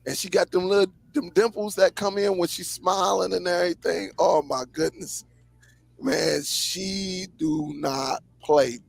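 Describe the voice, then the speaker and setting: A man hosting a live stream, telling stories in a lively, casual way, stretching words for emphasis. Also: sits high, gravelly, no echo. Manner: lively storyteller, drawn-out emphasis, frequent laughs. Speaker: host. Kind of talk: casual chat.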